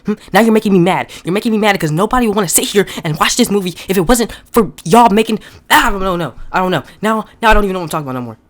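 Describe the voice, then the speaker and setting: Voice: mid-range voice, lively intonation, racing, hardly any pauses. A comedic movie reviewer who rants in exasperation and keeps repeating outraged questions about a bad film.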